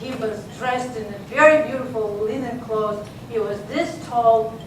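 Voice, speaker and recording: A woman, not a native English speaker, giving a humorous contest speech as a playful storyteller. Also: normal speed. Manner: playful storyteller with sudden high squeaks. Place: contest hall. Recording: echoey hall, far mic, noisy.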